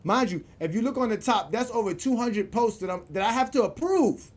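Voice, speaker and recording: A man hosting his own vlog, ranting in an animated, profane way with frequent laughter and repeated words. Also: extremely high pitch, a little fast. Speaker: show host.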